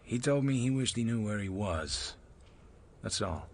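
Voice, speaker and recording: An actor playing a dry, cynical hard-boiled private detective in a 1940s-style radio drama, talking in laconic wisecracks. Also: male voice, fairly low pitch, animated, a little slow. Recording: hissy old radio recording.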